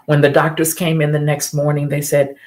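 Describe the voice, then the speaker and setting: A woman's voice: deep voice, little pitch movement, fairly quick, a little mellow. A middle-aged woman hosting a live stream, telling a personal story in an earnest, emphatic way and repeating key phrases.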